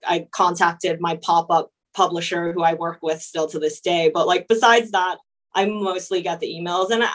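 Young woman chatting casually, filler-heavy. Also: mid-range voice. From USA. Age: young adult. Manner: relaxed, frequent "like" fillers, laughs easily. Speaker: illustrator and painter guest. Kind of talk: casual interview chat.

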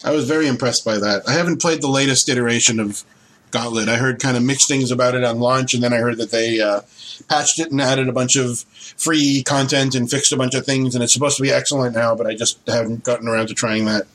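Bright-voiced man telling stories. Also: mid-range voice, fairly even intonation, fast talker, rough recording. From Toronto area, Canada. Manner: rambling storyteller, laughs often. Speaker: podcast host. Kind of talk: casual podcast chat.

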